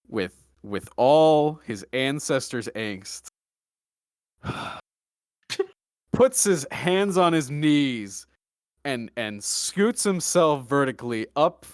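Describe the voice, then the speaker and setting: A young man hosting a podcast, telling a story in a deadpan, joking way with mock-serious asides. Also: mid-range voice, extremely slow, long pauses, no room sound, studio quality. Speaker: podcast host. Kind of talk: casual storytelling chat.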